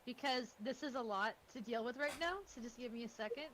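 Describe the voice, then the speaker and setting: A woman's voice: fairly high pitch, brisk, fairly bright tone. A woman player rambling and giggling while narrating her character. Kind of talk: tabletop game chat.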